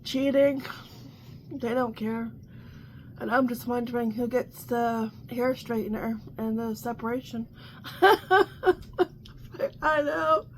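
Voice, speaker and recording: A woman's voice: fairly high pitch, steady tone, unhurried, slight background noise. A woman hosting a casual coffee chat, talking in a chatty, exasperated way with many restarts and frequent laughter. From Canada. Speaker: vlog host.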